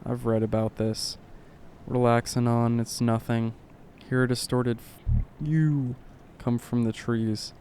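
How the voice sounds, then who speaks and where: A man reading a horror story aloud in short clipped lines, keeping his voice low and subdued. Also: completely flat delivery, unhurried, darkish tone, a little hiss or hum. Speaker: narrator.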